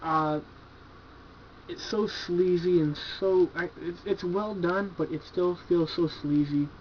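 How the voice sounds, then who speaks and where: Swearing freely and saying "like" and "you know" constantly, a man casually reviews horror movies from his home collection, laid-back and enthusiastic. His voice is high-pitched with fairly even intonation, and he takes it slowly. The dull lo-fi home video recording carries a little hiss or hum.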